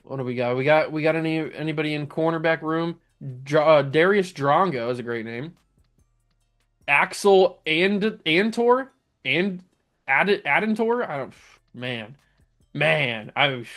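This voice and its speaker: A man's voice: a little high, animated, unhurried, a bit bright, soft background music. A young man hosting a gaming channel, chatting casually and laughing while reading through odd player names. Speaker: gaming YouTuber host. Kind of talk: casual game commentary.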